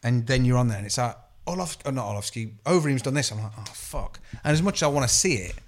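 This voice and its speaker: A man co-hosting a podcast, telling stories in a jokey, animated way, swearing and mimicking other people. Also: mid-range voice, very fast. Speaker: podcast co-host. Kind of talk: casual podcast chat.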